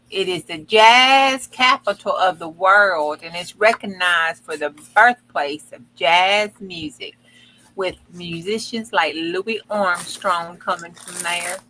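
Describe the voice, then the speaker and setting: Folksy lady reading fun facts on a stream, bright voice, slow pace, stumbles a bit. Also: medium pitch, a little hiss or hum, low-quality recording. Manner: folksy, chatty, stumbles over words. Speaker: co-host. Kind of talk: casual livestream chat reading fun facts.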